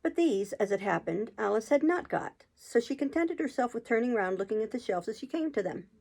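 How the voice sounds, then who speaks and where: A woman reading a children's classic aloud, narrating in a calm, steady way. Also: a little high, a little fast, creaky. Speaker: channel host reading a book aloud. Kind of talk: storybook narration.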